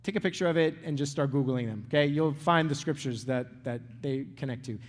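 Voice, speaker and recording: A man's voice: fairly high pitch, a little fast. A middle-aged man giving a conversational sermon as a pastor, often checking in with "right?" and "okay?" and restarting phrases. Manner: repeats words and restarts phrases. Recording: long reverb of a large hall.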